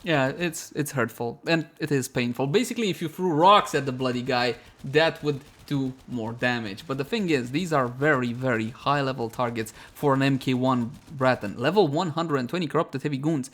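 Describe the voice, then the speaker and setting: A man's voice: mid-range voice, normal speed, hardly any pauses. A man narrating a gameplay guide over footage, chatty and self-mocking, talking to his viewers as friends. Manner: chatty and self-mocking, often breaking into laughter; addresses viewers as "my friends", animated. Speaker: game guide creator.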